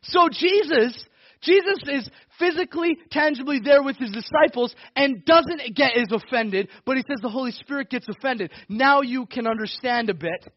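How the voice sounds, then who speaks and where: Male pastor, conversational sermon, breaks into shouts; very high voice, close and dry. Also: moderate pace, no room sound, dull audio. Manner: energetic preaching with bursts of shouting; conversational, with laughs and self-corrections.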